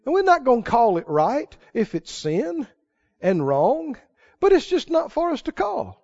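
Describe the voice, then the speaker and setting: High, lively folksy male preacher. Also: a little slow, vocal fry. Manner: folksy storytelling, rising to emphatic exhortation. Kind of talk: sermon. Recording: dull lo-fi sermon recording.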